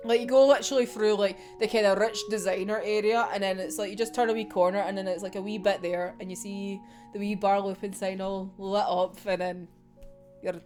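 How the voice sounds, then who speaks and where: A woman's voice: medium pitch, steady tone, fairly quick, darkish tone, faint music behind. A Scottish woman from Scotland, vlogging in a casual chat, rambling with lots of "like", swearing and frequent laughter. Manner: rambling, laughs often, swears, says 'like' a lot. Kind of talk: casual chatty vlog.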